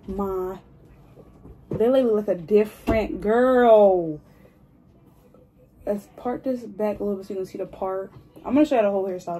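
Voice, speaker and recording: A woman in her twenties chatting excitedly to her viewers in a hair vlog, gushing and talkative. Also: medium pitch, slight background noise. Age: 20s. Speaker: hair vlogger. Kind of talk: casual chat to viewers. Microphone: phone.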